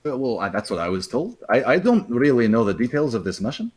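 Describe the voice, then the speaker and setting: Man doing a bumbling small-town advisor, stammering, husky, lively pitch. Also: quick pace. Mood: unsure. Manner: hesitant, stammering.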